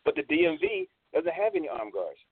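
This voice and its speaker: A man co-hosting a casual online radio talk show, telling a rambling story and breaking into high laughs. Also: huge pitch swings, fairly quick, gravelly, slightly rough, no echo. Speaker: co-host. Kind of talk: casual panel chat. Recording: tinny phone-like online call.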